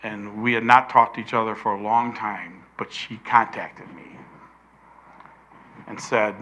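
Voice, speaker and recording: Older male preacher, slow deliberate delivery, bright forceful tone, leans hard on key words. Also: fairly low pitch, flat delivery, a little hiss or hum. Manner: emphatic, slows down to stress key words. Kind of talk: sermon.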